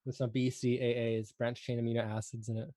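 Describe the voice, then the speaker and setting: A man's voice: medium pitch, flat delivery, a little fast, warm tone. A man who is the guest on a casual live hangout, talking in an easygoing way with frequent laughs.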